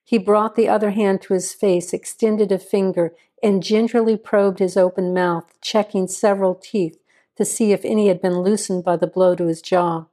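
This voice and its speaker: A woman reading a crime story aloud in steady, even scripted narration. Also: mid-range voice, normal speed.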